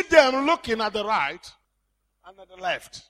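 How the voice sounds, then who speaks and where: A man preaching a sermon with passion, often shouting for emphasis. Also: high-pitched, very animated, a little slow.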